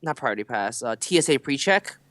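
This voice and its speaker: A man's voice: mid-range voice, animated, a little fast, a bit bright, no room sound. A young man chatting casually as a podcast co-host, telling stories loosely with lots of fillers. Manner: loose, rambling storytelling with many fillers. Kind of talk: casual chat.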